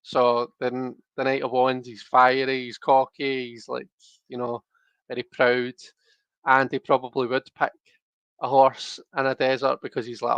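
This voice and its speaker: A man's voice: mid-range voice, completely flat delivery, a little slow, a bit bright, clear, resonant tone, no echo. A man hosting a casual tarot livestream, rambling and chatty with lots of restarts and fillers, talking straight to his viewers. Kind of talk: casual chat to live viewers.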